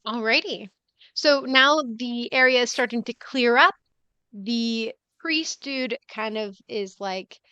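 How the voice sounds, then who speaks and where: A woman's voice: a little high, bright, forceful tone, clean tone, dry recording, dull audio. A woman narrating a tabletop game as game master from home, chatty, with lots of fillers.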